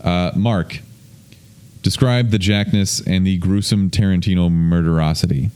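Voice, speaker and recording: A man's voice: deep voice, fairly even intonation, a little slow, a little mellow, clean tone. A man hosting a podcast in loose, rambling casual chat, swearing freely. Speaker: podcast host. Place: indoor room, streamed on video.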